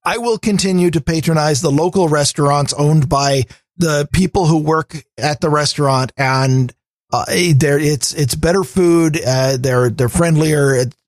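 A middle-aged man co-hosting a podcast, talking in a wry, halting way with frequent restarts. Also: fairly high pitch, no echo. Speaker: podcast co-host. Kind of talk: casual chat.

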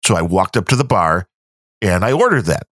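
A man's voice: deep voice, fairly quick, no room sound, clean studio sound. A man with a Midwestern American accent, co-hosting a podcast and telling casual stories with frequent laughs. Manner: animated storyteller, laughs often, mimics others. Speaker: podcast co-host. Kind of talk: casual chat, storytelling.

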